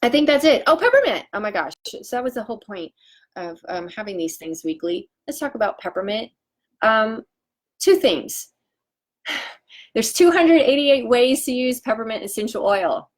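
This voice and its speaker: A woman in her forties selling essential oils on a live stream, talking in a chatty, excitable way with lots of fillers and restarts. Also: on the high side, moderate pace. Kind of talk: casual live-stream chat.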